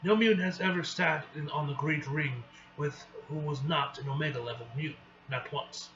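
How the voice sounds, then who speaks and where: A man's voice: on the high side, normal speed, a bit bright. A man reading a comic aloud in a casual way, often stumbling and restarting words. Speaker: comic reaction vlogger. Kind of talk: casual read-aloud with asides. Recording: dull lo-fi with faint hiss.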